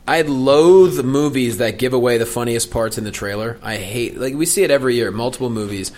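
A man, a filmmaker guest, chatting casually, blunt and animated, telling stories with quoted lines. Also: mid-range voice, brisk. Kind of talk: casual chat.

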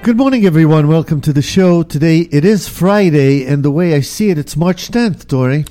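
A man's voice: on the high side, normal speed, over music. A man hosting a morning radio talk show in a studio, chatting casually and laughing often. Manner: relaxed, rambling, laughs often.

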